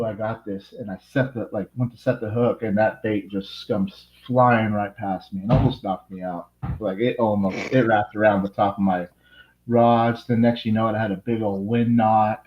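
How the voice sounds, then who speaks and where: A man's voice: fairly low pitch, steady tone, normal speed, darkish tone, roomy sound, lo-fi sound. A man casually telling how his fishing tournament day went, rambling with lots of "like". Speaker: tournament angler interviewee. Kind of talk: casual storytelling.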